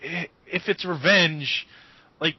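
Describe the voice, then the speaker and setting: A man co-hosting a podcast in casual chat, griping with animated exasperation. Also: a little high, extremely slow, husky, dry recording. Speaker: podcast co-host. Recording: dull, dry lo-fi audio.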